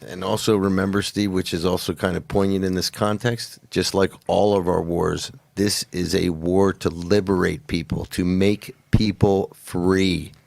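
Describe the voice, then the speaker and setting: Gravelly deep-voiced male co-host. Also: little pitch movement, unhurried, few pauses, a little mellow, no echo.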